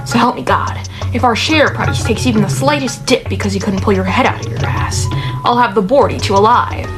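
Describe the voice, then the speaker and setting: A woman's voice: on the high side, a little fast, natural voice. A woman voicing a stern, demanding businessman father who scolds his son. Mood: scolding. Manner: harsh, scolding. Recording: clear music underneath.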